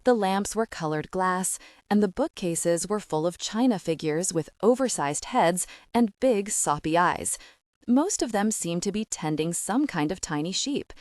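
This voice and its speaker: Woman audiobook narrator; low voice, dry close recording, measured first-person reading. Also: expressive, a little mellow, no echo.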